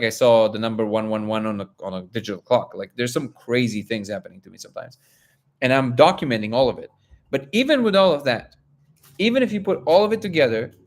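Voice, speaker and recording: Male host, mid-pitched, lively delivery, acts out the voices of others in his anecdotes. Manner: animated, acts out quotes, many restarts. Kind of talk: live discussion, personal storytelling.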